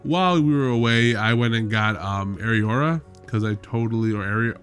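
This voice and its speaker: A man hosting a casual let's-play, relaxed and loose, talking through his gameplay. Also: fairly low pitch, normal speed, soft background music.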